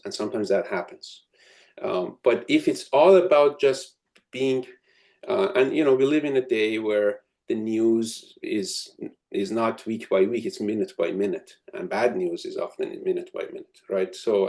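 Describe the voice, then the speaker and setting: A man's voice: mid-range voice, a little mellow. A man giving a reflective advice talk to students, full of ums and restarts. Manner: thoughtful, many ums and restarts. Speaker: academic speaking to students. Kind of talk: advice lecture with storytelling.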